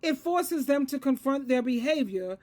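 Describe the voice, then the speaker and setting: A woman in her sixties with a high voice gives a solo advice monologue as a Christian counselor. She lectures earnestly and circles back to repeat key phrases for emphasis. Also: animated, moderate pace, darkish tone. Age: 60s.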